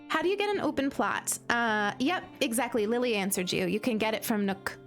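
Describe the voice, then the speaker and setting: Chatty woman streamer, slightly high voice. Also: expressive, normal speed, soft background music. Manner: chatty and gushing, full of "like" fillers. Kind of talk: casual live-stream chat while playing.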